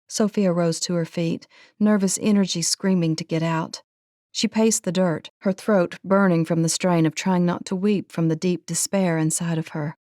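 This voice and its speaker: A woman narrating an audiobook in a measured, earnest storytelling manner. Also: fairly low pitch, steady tone, mellow, no echo, studio quality.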